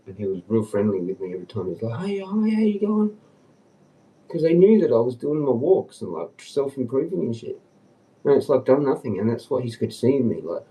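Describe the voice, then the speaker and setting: A man rambling on a casual livestream, agitated and swearing, dropping to mutters and then jumping up in pitch. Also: dark tone. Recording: distant from the mic.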